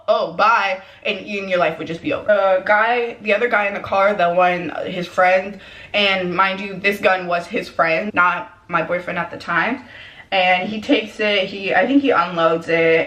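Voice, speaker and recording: Young woman vlogger, casual storytime, lively quoted voices, middle pitch, roomy echo. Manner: animated, quotes people in quick put-on voices. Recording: echoey room.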